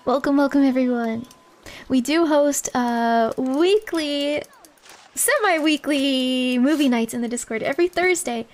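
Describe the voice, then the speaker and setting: A woman streamer, her voice high and unhurried, chats casually with viewers as she plays a game over background game music. She giggles often, sounds a little stuffy-nosed, and answers chat between game moments.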